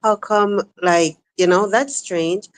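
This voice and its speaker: A woman's voice: mid-range voice, takes it slowly, no room sound. A woman co-hosting a casual live stream, speaking bluntly as a parent.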